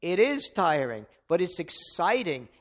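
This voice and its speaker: Guy pastor with a high voice, chatty sermon, lots of restarts and side stories. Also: sing-song, unhurried. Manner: conversational preaching with frequent restarts and asides.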